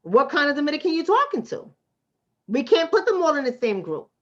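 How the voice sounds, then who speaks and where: A high, sing-song, slightly bright voice comes at a fairly quick clip from a livestream host and relationship coach from the Bronx, New York City. Casual and blunt, she answers her chat in a streetwise style, restating points for emphasis, though the audio is dull.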